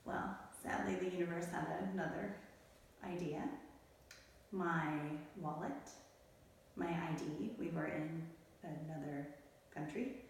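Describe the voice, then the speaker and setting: A woman's voice: low-pitched, measured pace, slight background noise. A middle-aged woman telling a personal story as an interview guest, in a candid, emotional, tumbling way. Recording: echoey room, mic at a distance.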